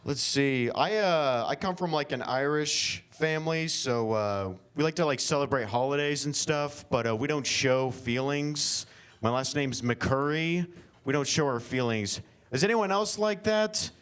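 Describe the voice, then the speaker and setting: A man's voice: medium pitch, unhurried, fairly bright tone, clean tone. A young man from Oklahoma doing an improvised stand-up set at a winery comedy show, rambling with lots of fillers and self-deprecating jokes.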